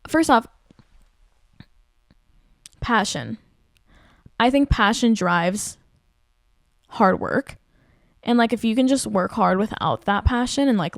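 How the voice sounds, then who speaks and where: Creaky-voiced woman in her twenties venting. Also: mid-range voice, dry recording, clean studio sound. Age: 20s. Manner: venting, animated, heavy use of "like". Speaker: podcast host. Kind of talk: casual storytelling chat.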